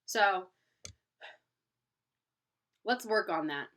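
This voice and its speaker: A woman's voice: medium pitch, animated, extremely slow, fairly bright tone. A young woman in a casual book vlog, rambling animatedly and acting out gasps and quoted reactions. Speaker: book vlogger.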